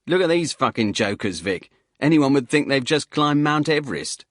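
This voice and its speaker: A man's voice: mid-range voice, big pitch swings, moderate pace, a bit bright, no echo, clean studio sound, pitched above the performer's own voice. A man voicing a mocking male army instructor who sneers at passers-by, in an audiobook. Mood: scoffing. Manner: scoffing, sneering.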